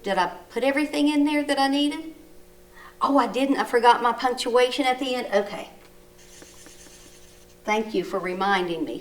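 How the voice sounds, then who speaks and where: A woman teaches a recorded lesson to young children, gently coaxing them with questions and reading sentences aloud slowly, with exaggerated rising and falling tones. Her voice is on the high side, captured by a distant mic.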